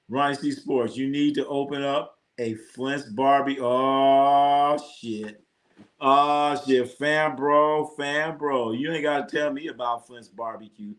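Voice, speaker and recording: A man's voice: mid-range voice, takes it slowly, a bit bright. A man hosting a casual livestream, telling rambling, profane food stories and talking straight to his chat. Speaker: livestream sports host.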